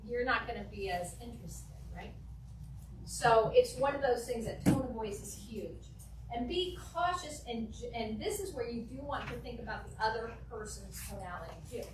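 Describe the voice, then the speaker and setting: A woman teaching a live real estate negotiation class to an audience, talking in a lively way and acting out phone calls. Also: mid-range voice. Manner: lively, acts out phone calls and client replies. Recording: echoey room from a distance, faint noise.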